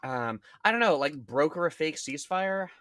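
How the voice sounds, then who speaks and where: A man co-hosting a podcast in casual chat, with dry, dark, sarcastic humor. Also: a little high, animated, moderate pace, no room sound. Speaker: podcast co-host.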